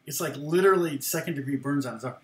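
A man with a slightly high voice tells a long story from his past in a relaxed, rambling way. He laughs now and then and acts out what people said. The sound carries some room echo. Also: quick pace. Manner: rambling, laughs often, acts out quoted lines. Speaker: guitar teacher and former worship leader. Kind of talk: casual storytelling.

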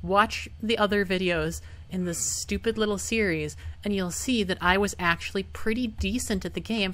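A woman's voice: medium pitch, a bit bright. Frustrated young woman swearing at a game. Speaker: gaming YouTuber. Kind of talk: casual let's-play commentary.

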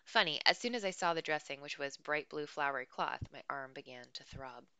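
A woman reading a novel aloud chapter by chapter, slow and careful, with occasional small slips. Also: sits low, bright, forceful tone, a little hiss or hum. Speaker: audiobook reader.

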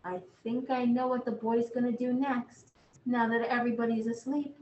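A woman librarian reading a bedtime picture book aloud, gently talking to young children in an echoey room. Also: fairly high pitch, flat delivery, moderate pace, muffled recording, a little hiss or hum. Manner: gentle, sing-song, talks to children.

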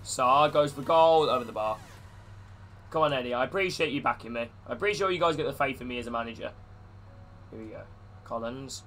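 A man's voice: mid-range voice, brisk, long pauses, a bit bright, soft background music. A man live-streaming a football video game, calling the play and greeting his chat viewers. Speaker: gaming streamer.

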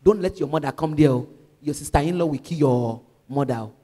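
Nigerian woman playing a grave male soothsayer, hushed and foreboding, booming hall reverb. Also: brisk. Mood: ominous. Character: solemn male fortune-teller warning of doom.

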